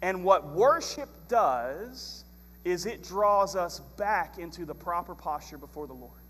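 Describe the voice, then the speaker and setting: A man preaching a sermon as pastor, telling stories in a lively, animated way. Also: sits high, measured pace, husky, big-room sound. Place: church sanctuary.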